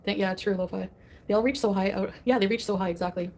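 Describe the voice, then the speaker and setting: Fast-talking dismissive woman livestreamer. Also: mid-range voice, fairly even intonation, noisy background. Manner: dismissive, scoffing. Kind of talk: casual livestream chat.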